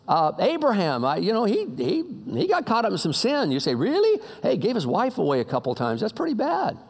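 Speaking a little fast, a pastor delivers a conversational sermon with huge swings in pitch. He drops low when musing, rises for emphatic appeals, slips into casual slang, and keeps restarting.

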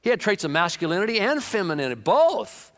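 A man preaching a sermon in a lively manner, acting out comic quotes and voices. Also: sits high, quick pace. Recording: long hall reverb.

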